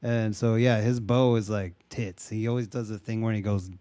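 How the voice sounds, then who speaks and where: A young man recapping a movie in casual chat, excited and profane, acting out scenes in silly voices. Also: lowish voice, normal speed, smooth, no room sound.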